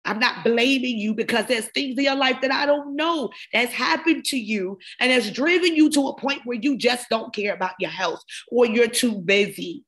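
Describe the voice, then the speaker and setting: A woman's voice: fairly high pitch, normal speed, few pauses, fairly bright tone. A woman hosting a wellness podcast, giving an impassioned motivational talk full of repeated phrases. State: emotional. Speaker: podcast host, wellness coach. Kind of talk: motivational monologue.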